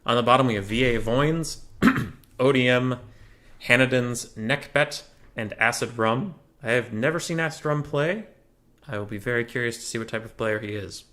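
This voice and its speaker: A man's voice: medium pitch, moderate pace, a bit bright. A young man casting a strategy game tournament, chatty and joking as he thinks aloud about the matchups. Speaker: tournament caster. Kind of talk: casual game commentary.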